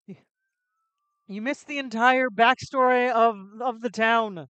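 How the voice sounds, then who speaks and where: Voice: mid-range voice, fairly even intonation, slow pace, bright, forceful tone, clean tone, no room sound. A chatty game streamer talks through a retro adventure game, reading text aloud and tossing out joking asides. The voice sits mid-range and is recorded close and dry. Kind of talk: casual let's-play commentary.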